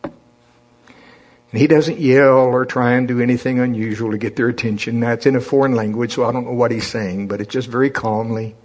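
Husky-voiced folksy male preacher. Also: mid-range voice, steady tone, moderate pace, a little mellow. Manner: folksy, calls for congregation to repeat after him. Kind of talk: sermon.

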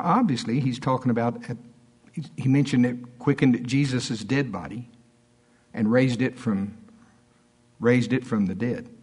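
A man preaching a sermon as pastor, telling stories and acting out quotes with big swings in pitch. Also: slightly rough. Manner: storytelling preacher, swings between high animated quotes and low asides.

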